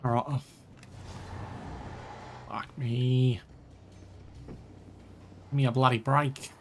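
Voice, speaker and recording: A man talks through a video game session with a voice of ordinary middle pitch. He curses freely and mutters in exasperation at the game, then drops into chatty asides to his viewers. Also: little pitch movement, extremely slow, slight background noise. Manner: swears a lot while playing, exasperated muttering. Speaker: gaming channel host. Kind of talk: let's play commentary.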